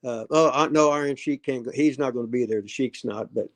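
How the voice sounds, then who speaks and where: A man in his seventies hosting a casual livestream, talking in a rambling, gruff way that trails off and restarts. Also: mid-range voice, a little fast. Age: 70s. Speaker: host.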